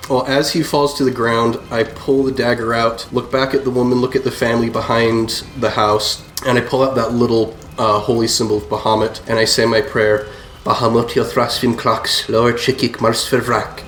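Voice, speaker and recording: A man playing a tabletop game, calmly calling out his rolls and describing his moves. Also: mid-range voice, brisk, hardly any pauses, slight background noise. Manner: relaxed, matter-of-fact about rolls. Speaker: player. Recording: roomy echo.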